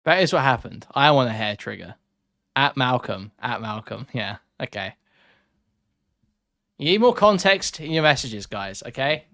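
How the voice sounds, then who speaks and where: A man's voice: medium pitch, sing-song, unhurried, bright, forceful tone. A man hosting a reaction commentary stream, ranting sarcastically and swearing as he talks to his chat.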